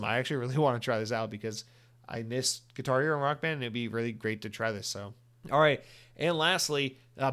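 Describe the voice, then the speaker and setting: A man's voice: mid-range voice, a bit bright, clear, resonant tone. A man hosting a solo gaming podcast from his home office, rambling and sarcastic, swearing freely as he mock-rants at listeners. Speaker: podcast host. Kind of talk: solo podcast news and outro rant.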